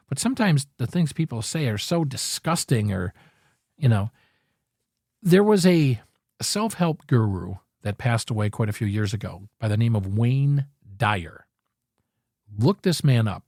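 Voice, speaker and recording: A man's voice: mid-range voice, expressive, moderate pace, darkish tone, no room sound, clean studio sound. A man hosting a podcast, talking through a casual motivational monologue in an earnest, rambling way, often correcting himself. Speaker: podcast host.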